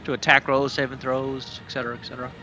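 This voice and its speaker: A man's voice: mid-range voice, monotone, fast, pushed and bright, soft background music. A man playing a tabletop game on an online call, reading out rules in casual lists. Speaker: player. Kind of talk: casual chat.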